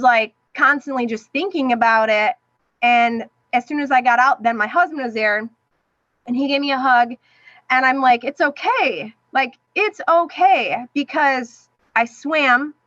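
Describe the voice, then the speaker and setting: Speaking a little slowly in a high-set voice, a middle-aged woman on a podcast shares an emotional story from her own life, animatedly performing the words others said to her. The audio is dull and dry, with no echo.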